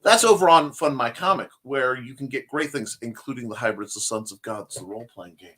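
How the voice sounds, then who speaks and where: A man's voice: medium pitch, a little fast, hardly any pauses, fairly bright tone, slight background noise. A man hosting a casual livestream talk show, chatting in a rambling, enthusiastic way as he answers viewer comments. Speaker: host of a creative talk show.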